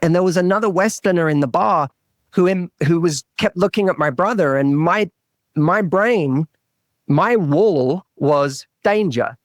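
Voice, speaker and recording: A relationship coach on a podcast tells a story earnestly and searchingly, often stumbling, restarting sentences, and repeating words. His slightly higher voice is expressive and unhurried. The audio is close and dry with no echo.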